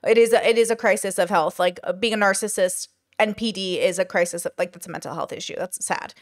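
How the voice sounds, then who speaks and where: A woman giving casual reaction commentary, chatty and thinking aloud as she pauses a video to comment. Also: mid-range voice, steady tone. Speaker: commentary streamer.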